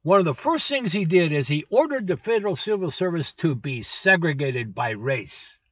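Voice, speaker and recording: A man's voice: a little high, big pitch swings, normal speed, fairly bright tone, no echo. A man in his seventies hosting a political commentary show, blunt and scornful, with lots of "uh" fillers. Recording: dull lo-fi dry recording.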